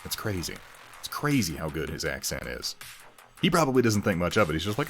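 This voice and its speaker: A man's voice: deep voice, sing-song, a little fast, gravelly. A man streaming live while painting, chatting casually, rambling and poking fun at himself as he greets viewers. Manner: rambling, self-mocking, reads out chat names. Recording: faint music behind. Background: faint music.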